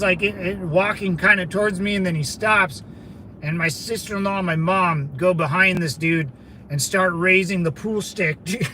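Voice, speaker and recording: High-voiced man telling bar stories. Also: background noise. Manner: laid-back, rambling, calls listeners brother. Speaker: livestream host. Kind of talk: casual storytelling to chat.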